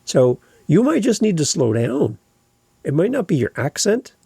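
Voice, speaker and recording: Canadian man with a gravelly, husky voice. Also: a little high, big pitch swings, normal speed, warm tone, dry recording. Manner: conversational, opinionated. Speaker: podcast host. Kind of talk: casual podcast talk.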